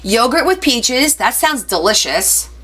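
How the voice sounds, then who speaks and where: Woman, craft live-stream host, bright clear voice, chatty, playful asides, reads out viewer comments. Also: on the high side, sing-song, unhurried. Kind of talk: casual live-stream chat.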